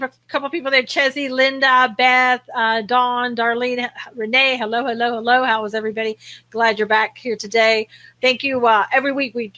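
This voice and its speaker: A woman with a bright, forceful voice hosts a live talk show. She chats easily, laughs often and greets her viewers by name. Her voice sits a little high for a woman. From American South. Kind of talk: casual chat.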